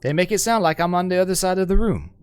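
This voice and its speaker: A man's voice: high voice, fast talker, clean tone, no room sound. A man streaming a game, reading its story aloud and joking about his own voices in a chatty, self-mocking way.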